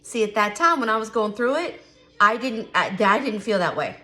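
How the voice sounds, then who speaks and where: A woman's voice: a little high, expressive, moderate pace, sharp tone. A middle-aged woman chatting candidly to camera, emphatic and given to repeating herself. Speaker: vlogger. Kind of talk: casual chat to camera.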